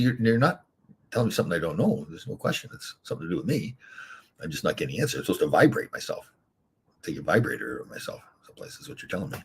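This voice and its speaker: An older man hosting a casual livestream, rambling candidly through stories and viewer comments, chuckling as he goes. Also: slight background noise. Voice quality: very husky low voice. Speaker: livestream host reading chat.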